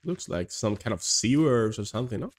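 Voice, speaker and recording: A man's voice: fairly low pitch, animated, brisk. Chatty man streaming a game. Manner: chatty, reacts aloud, mumbles asides. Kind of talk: casual let's-play commentary, reading game text aloud.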